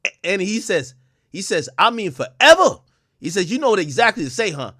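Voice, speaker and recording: A young man streaming casually, reading messages aloud to his chat and reacting with loud outbursts. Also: sits high, very animated, brisk, slightly rough. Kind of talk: casual live-stream commentary.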